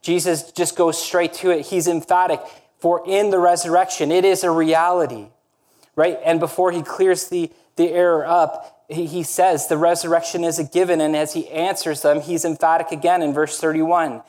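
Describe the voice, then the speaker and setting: A male pastor delivering a sermon in a somewhat high voice. He preaches earnestly and with emphasis, often checking in with his listeners through a quick rhetorical question. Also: level tone, darkish tone.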